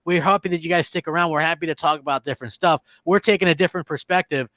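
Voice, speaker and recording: A man's voice: fairly high pitch, racing, pushed and bright, no echo. A man co-hosting a casual gaming podcast, opinionated and emphatic, often repeating himself. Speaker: podcast co-host.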